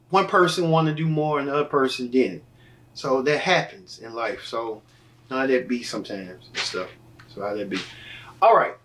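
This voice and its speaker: A man with a slightly higher voice hosts a casual gossip show and rambles loosely, with fillers and self-corrections. He sounds set back from the microphone. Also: bright, forceful tone, recorded from a distance. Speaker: host. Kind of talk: casual entertainment news talk.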